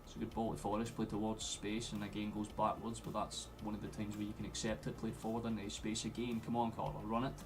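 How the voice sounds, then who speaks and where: A young Scottish man streaming a football watchalong, chatting and swearing freely, with sudden loud outbursts at the play. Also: lowish voice, flat delivery, quick pace, hardly any pauses, over music. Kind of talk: live match commentary to chat.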